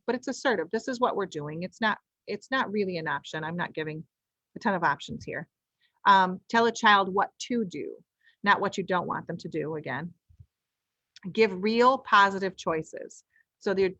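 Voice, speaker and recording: A woman's voice: mid-range voice, fairly bright tone, no echo, highs cut off. A woman presenting a conversational training webinar, explaining step by step, often restarting her phrases with ums. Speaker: webinar presenter on child discipline.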